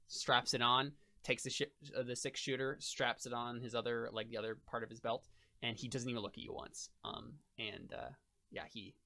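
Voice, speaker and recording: Man, game master, bright voice, rambling, lots of fillers, casual tabletop narration. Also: medium pitch, creaky. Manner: rambling with many fillers and restarts.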